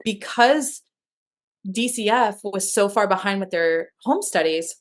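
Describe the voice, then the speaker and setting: A woman guest telling her adoption story speaks at a measured pace with a medium-pitched voice. The conversational interview is candid and emotional, and she relies on many fillers and restarts.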